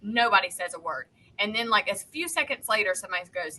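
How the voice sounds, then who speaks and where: A woman, co-hosting a podcast and telling a story in a heated, animated way. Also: mid-range voice, a little fast, few pauses, low-quality recording. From North Carolina, US. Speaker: podcast co-host. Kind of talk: casual chat, storytelling.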